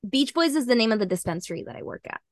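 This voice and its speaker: A woman's voice: on the high side, lively intonation, rapid-fire, no room sound. A young woman podcast host telling a personal story in casual chat, rambling with lots of fillers and little laughs.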